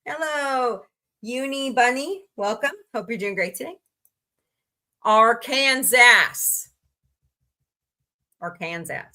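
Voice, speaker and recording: Sarcastic bright-voiced woman streaming. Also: high-pitched, lively intonation, moderate pace. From United States. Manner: sarcastic, reads quirky laws and greets chatters by name. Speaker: livestream comedy host. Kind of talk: casual comedic livestream chat.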